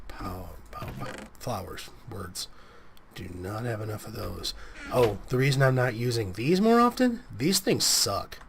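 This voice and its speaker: Let's play host, male, mid pitch, sniffly with a cold, rambles and corrects himself, faint game ambience under the mic. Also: sing-song, a little slow, noisy background. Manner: rambling, self-correcting, chatty. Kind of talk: casual gameplay commentary.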